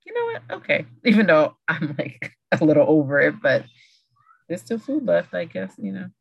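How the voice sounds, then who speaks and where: A woman's voice: low-pitched, animated, normal speed, creaky, slightly rough, no room sound, lo-fi sound. A woman hosting a podcast conversation from home, talking casually with lots of "like" and self-corrections. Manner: rambling, heavy use of "like", self-correcting. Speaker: podcast host, homeschooling parent. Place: at home, kids nearby. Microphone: video or audio call.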